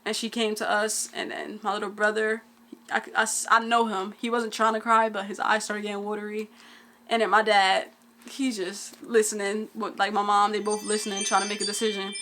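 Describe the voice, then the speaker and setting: A woman's voice: medium pitch, flat delivery, a little fast, sharp tone. A young woman, telling a family story in casual vlog chat, full of "like"s. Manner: casual, dialect-heavy storytelling with many "like"s. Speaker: twin vlogger.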